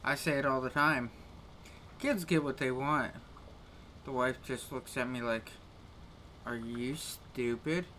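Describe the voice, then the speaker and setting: A man's voice: mid-range voice, a little slow, long pauses, sharp tone, slight background noise. A man grumbling casually to his live-stream chat while he plays a game, with exasperated little rants.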